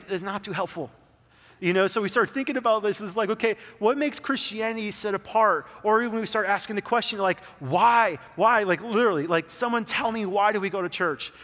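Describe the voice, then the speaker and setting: With a fairly bright, slightly high voice, a young adult man preaches to a church sanctuary whose hall reverb is audible. His storytelling is loose and conversational, heavy on "like."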